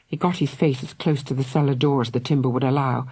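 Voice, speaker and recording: A woman narrating a children's audiobook in a dramatic, expressive way. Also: extremely low pitch, fast, few pauses, husky. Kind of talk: scripted narration.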